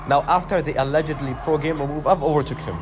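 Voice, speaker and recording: A man's voice: on the high side, fast. A man giving a matter-of-fact voice-over that explains his sim race. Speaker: sim racing channel host. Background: background music.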